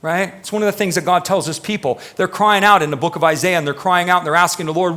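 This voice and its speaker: A man's voice: high voice, fairly even intonation, quick pace, hardly any pauses, sharp tone. A man preaching a live sermon in a church, talking emphatically and questioning the congregation directly. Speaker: pastor.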